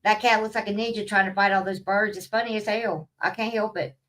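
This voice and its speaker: Woman vlogger, casual rant, bright and slightly high, swears freely, distant from the mic. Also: fairly even intonation, a little fast. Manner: profane, blunt, rambling.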